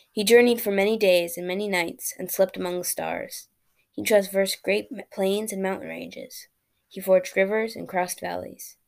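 A woman reading a fairy tale aloud as a storyteller, plain and steady, with small slips and restarts. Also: medium pitch, vocal fry.

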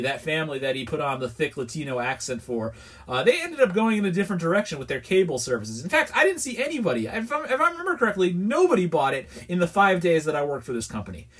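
Here a New Yorker hosting his podcast sounds exasperated as he rambles through a story, frank and relaxed. His pitch is a little high and his tone fairly bright.

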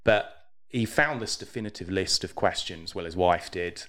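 A man's voice: low-pitched, moderate pace, a bit bright. A man with an English accent co-hosting a podcast, chatting casually with dry, wry humor. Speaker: podcast co-host. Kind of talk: casual chat.

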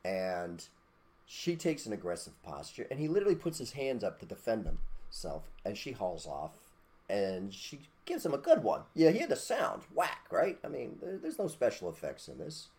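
A man's voice: fairly low pitch, huge pitch swings, normal speed, mellow. A man hosting a podcast, talking in a blunt, preachy, casual rant with mild cursing and a habit of asking "okay?". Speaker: podcast host.

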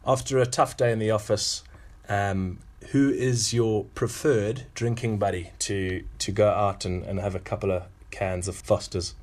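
A man's voice: fairly low pitch, steady tone, measured pace, darkish tone. A man from Zimbabwe hosting a casual interview chat, friendly and playful, often repeating words as he goes. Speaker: interview host.

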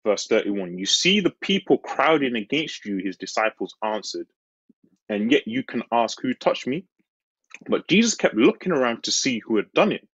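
A man delivers a sermon with a husky, slightly breathy tone and a lively, swinging pitch. He leans earnestly into his points, slowing down on key phrases. The recording is dry and a little dull. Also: no echo. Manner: earnest, slows on key phrases, laughs and jumps high acting out the disciples. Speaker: preacher.

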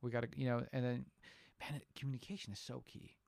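A man's voice: mid-range voice, little pitch movement, quick pace, creaky, darkish tone, no echo. A man co-hosting a casual parenting podcast, talking earnestly in long, rambling sentences full of restarts. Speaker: podcast co-host.

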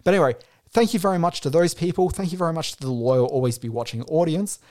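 A man's voice: on the high side, fast talker, dark tone. A man hosting a podcast, talking in a chatty, rambling, heartfelt way, with faint music behind. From Australia. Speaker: podcast host. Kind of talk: casual podcast monologue.

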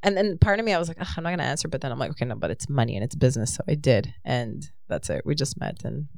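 A woman's voice: very deep voice, expressive, rapid-fire, vocal fry, a little mellow, dry recording, studio quality. A woman co-hosting a podcast in casual chat, sharing personal stories openly. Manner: open, personal storytelling with laughs. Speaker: podcast co-host.

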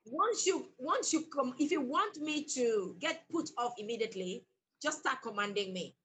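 A woman's voice: high voice, lively intonation, normal speed, pushed and bright, a little hiss or hum, poor audio. A woman, an author, telling a story from her working life in an emphatic, bold way as an interview guest. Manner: emphatic, bold, laughs often. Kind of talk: animated storytelling in conversation.

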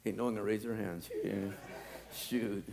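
A man preaching a sermon, acting out scripture scenes and then dropping to quiet, wry asides. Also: steady tone, normal speed. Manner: dramatic, swings from loud acted-out pleading to low asides.

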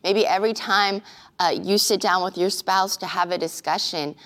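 A woman pastor giving an earnest, conversational sermon-style teaching with occasional filler pauses. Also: mid-range voice, fairly even intonation, fairly bright tone.

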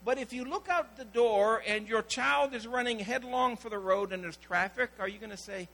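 High, bright-voiced preacher man. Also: moderate pace, low-quality recording. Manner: storytelling preacher, acting out quoted voices. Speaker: pastor. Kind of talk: sermon.

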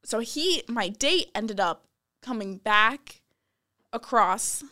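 Young woman, slightly high voice, animated casual storyteller who laughs and acts out quotes. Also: takes it slowly. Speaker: guest telling a story.

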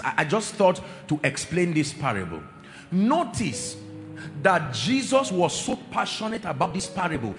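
Male preacher, lively pitch, emphatic and drawn out, long hall reverb, faint music underneath. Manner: emphatic, drawn-out repetitions, asks the congregation questions. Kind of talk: sermon.

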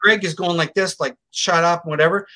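A middle-aged man with a high-pitched voice speaks fast as an interview guest. He recounts a case story in a casual, emphatic, animated manner, acting out what others said.

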